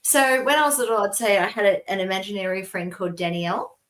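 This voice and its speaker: An Australian woman in middle age co-hosts a relaxed podcast. She tells long personal stories in a meandering, chatty way, often breaking into laughter as she goes. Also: medium pitch, quick pace. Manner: rambling storytelling with frequent laughs. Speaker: co-host. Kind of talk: casual podcast chat.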